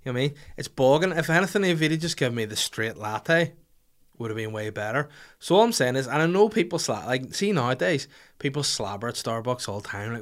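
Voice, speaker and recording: A man's voice: medium pitch, a little fast. A young man holds the floor on a casual podcast. He tells a comic anecdote with lots of swearing and acts out the people in it as he goes. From Northern Ireland. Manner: animated, profane, acts out voices in anecdotes. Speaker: podcast host. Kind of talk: comic storytelling chat.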